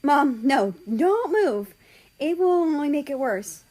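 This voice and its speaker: A woman's voice: expressive, measured pace. A woman voicing a frantic young tomcat. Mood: urgent. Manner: high, loud and urgent. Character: young male cat, frantic and desperate.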